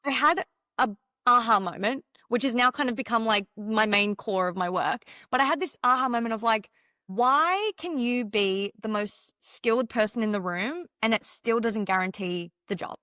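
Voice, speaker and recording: A woman with a fairly high voice is a guest on a casual podcast interview. She tells her story with animated emphasis, slipping into her own past inner voice as she goes. The sound is dry and close, with no room echo. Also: normal speed. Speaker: guest, mindset mentor and former dancer.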